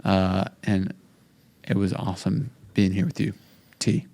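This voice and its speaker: A man's voice: low-pitched, level tone, a little slow, vocal fry, dark tone. A man co-hosting a casual podcast, trading jokes and teasing banter with his co-host. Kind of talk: casual chat.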